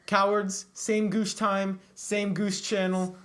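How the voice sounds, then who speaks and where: A woman's voice: medium pitch, level tone, takes it slowly, smooth. A woman chatting casually on a podcast, goofy and jokey, with crowd chatter behind her. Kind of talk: casual chat.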